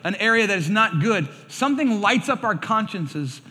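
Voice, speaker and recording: High, bright-voiced male pastor preaching. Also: normal speed. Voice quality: animated storyteller, acts out quoted voices. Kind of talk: sermon. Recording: reverberant hall sound.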